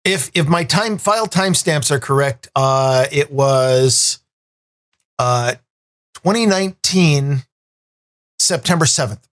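Man, podcast co-host, sarcastic quips, a bit higher voice. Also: slow pace, pauses often, a bit bright. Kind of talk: casual podcast chat.

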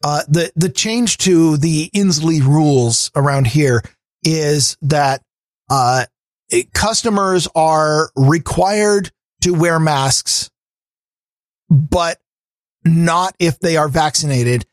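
A middle-aged man co-hosting a podcast, talking in a wry, halting way with frequent restarts. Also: a little high, no echo. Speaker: podcast co-host. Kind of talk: casual chat.

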